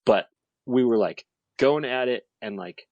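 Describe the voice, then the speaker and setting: A man's voice: medium pitch, measured pace, no echo, muffled recording. A man in his thirties in casual podcast chat, telling a story animatedly with lots of fillers. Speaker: podcast guest.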